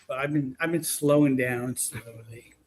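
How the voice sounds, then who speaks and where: A man's voice: medium pitch, a little slow. A man casually telling a long, rambling story about his paranormal investigations, full of restarts. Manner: rambling, animated retelling with restarts.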